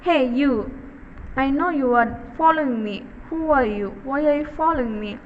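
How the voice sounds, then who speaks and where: A woman reading the part of a proud, quick-tempered king who shouts his commands. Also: high-pitched, natural voice. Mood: angry. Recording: dull recording with long reverb and faint noise.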